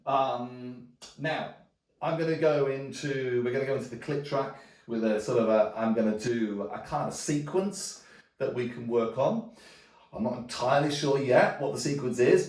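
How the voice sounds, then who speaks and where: Drum teacher, man, easygoing with many restarts; heard from a distance. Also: mid-range voice. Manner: relaxed, thinking aloud with many restarts. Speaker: djembe teacher. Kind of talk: casual music lesson. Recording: roomy sound from a distance, drumming around speech. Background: djembe drumming.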